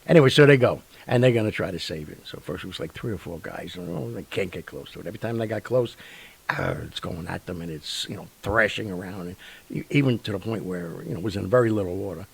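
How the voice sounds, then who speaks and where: A man hosts a casual storytelling show with a low, gravelly voice. He has a husky edge and rambles animatedly, with plenty of fillers and sound effects. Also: quick pace, rough recording. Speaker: radio show host.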